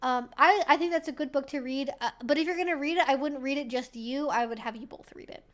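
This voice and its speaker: A high-pitched woman talks casually to her live-stream viewers as she answers their questions. She is loose and chatty, swears freely and uses "like" often. She laughs easily between her remarks. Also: fast talker.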